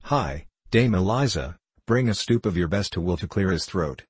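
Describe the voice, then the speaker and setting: Man doing a rough jeering labourer, deep husky voice. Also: expressive, moderate pace, no room sound. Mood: mocking. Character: rough, mocking male labourer at an inn.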